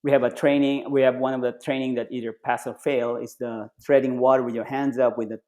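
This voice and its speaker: A man guest on a podcast, a retired Navy SEAL and triathlete, telling stories casually with loose phrasing and lively acted-out quotes. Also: fast talker. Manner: animated, acts out quoted voices with jumps in pitch; loose phrasing with frequent restarts and fillers. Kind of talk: casual storytelling in conversation.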